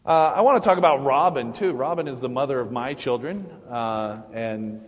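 A middle-aged man giving a personal Mother's Day sermon in a church, with halting restarts and fillers. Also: mid-range voice. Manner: halting, many restarts and fillers, warm laughs. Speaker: church speaker. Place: church sanctuary. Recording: long hall reverb.

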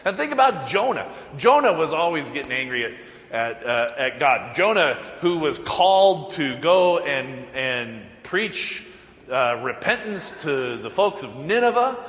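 A man's voice: on the high side, measured pace. A man preaching a sermon as a pastor, telling the story with animation, chuckling often and acting out the lines. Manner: animated, chuckling storyteller who acts out quotes. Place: church sanctuary. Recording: echoey church hall.

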